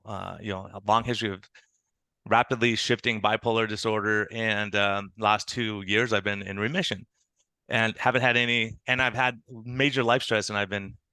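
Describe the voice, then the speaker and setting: A man, an internal medicine doctor, telling animated stories as a podcast guest and acting out the people he quotes. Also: fairly low pitch, no room sound. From United States. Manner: animated storytelling with quoted dialogue. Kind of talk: conversational interview.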